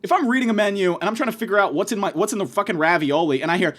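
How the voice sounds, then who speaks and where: A man delivering a profane comedic rant, abrasive and insulting, swinging from yelling to muttering. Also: high voice, very fast. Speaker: comedic ranter.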